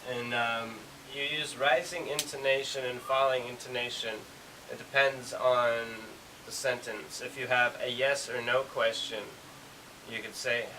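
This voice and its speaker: A man teaching English, explaining in a casual, rambling way with lots of fillers. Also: medium pitch. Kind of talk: explaining a language lesson. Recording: hissy recording from far off.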